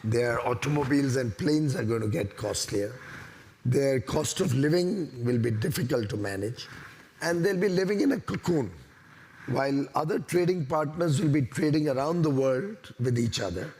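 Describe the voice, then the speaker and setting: Indian-accented male minister, gravelly and forceful in his points, mid-range voice. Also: mid-range voice. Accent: Indian English. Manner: assertive, emphatic, with repeated points. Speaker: government minister. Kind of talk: panel discussion.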